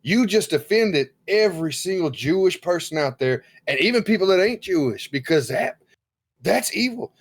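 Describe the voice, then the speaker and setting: A man's voice: high voice, expressive, normal speed. A man co-hosting a casual podcast, talking bluntly, swearing freely and acting out quoted people. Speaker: podcast co-host.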